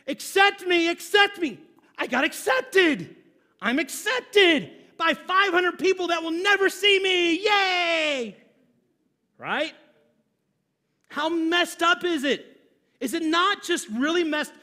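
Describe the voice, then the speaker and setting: A man's voice: very high voice, fairly bright tone. A middle-aged man, a pastor, preaching a sermon in a church with a humorous, conversational storytelling manner.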